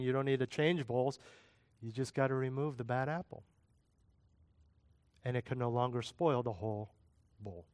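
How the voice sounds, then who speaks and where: A man's voice: medium pitch, clear, resonant tone, dry recording, clean studio sound. A middle-aged man preaching a sermon as a pastor, talking conversationally and asking the listeners rhetorical questions.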